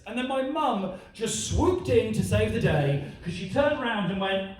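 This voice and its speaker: A man performing a stand-up comedy set, telling a story in an animated way and checking in with the audience. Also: high voice, measured pace, hardly any pauses. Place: comedy club stage. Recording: echoey club, from far off. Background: audience laughter.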